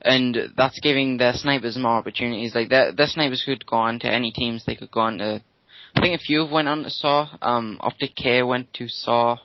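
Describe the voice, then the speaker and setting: A man's voice: mid-range voice, fairly quick, no echo. A young British man co-hosting a podcast in casual chat, teasing and swearing, with frequent restarts. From United Kingdom. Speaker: podcast co-host. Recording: dull lo-fi mic sound.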